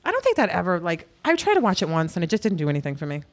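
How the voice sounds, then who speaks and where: Woman guest, casual chat, blunt opinions, expressive pitch. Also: rapid-fire. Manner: blunt, dismissive, laughs easily.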